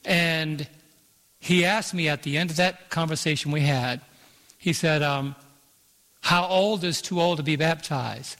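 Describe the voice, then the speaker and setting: A pastor preaching a sermon in an auditorium, calling out to the congregation and drawing out key phrases. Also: male voice, a little high, fairly bright tone. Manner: preaching with call-and-response and slowed emphasis. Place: large auditorium. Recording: long hall reverb.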